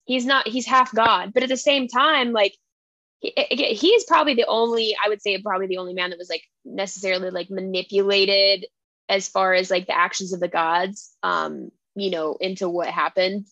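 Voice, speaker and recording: A woman's voice: medium pitch, fairly quick, dry recording, muffled recording. A young woman co-hosting a book podcast, recapping a story in casual chat and acting out the characters' lines. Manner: animated retelling with playful quoted voices. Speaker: podcast co-host.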